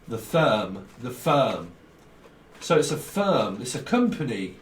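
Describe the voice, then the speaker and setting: A man's voice: mid-range voice, sing-song, slow pace, distant mic. Guy rambling thru a tarot reading, chuckles a lot, sounds a bit off mic in an echoey room. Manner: rambling, free-associating, chuckles often. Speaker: tarot reader. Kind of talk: casual tarot reading monologue. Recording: roomy sound, off-mic, faint background hiss.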